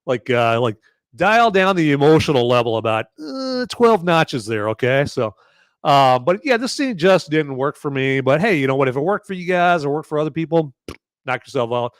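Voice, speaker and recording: A man's voice: on the high side, sing-song, moderate pace, dry recording, studio quality. A man hosting a live movie review podcast, talking casually and sarcastically with many fillers and frequent "okay?" checks to his chat.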